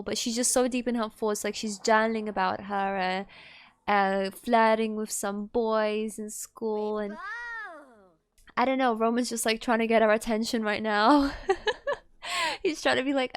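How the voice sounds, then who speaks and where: A woman's voice: a little high, measured pace, pauses often. A woman commenting on her life-sim gameplay in a chatty, rambling way, full of fillers and small laughs. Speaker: gaming host. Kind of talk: let's play commentary.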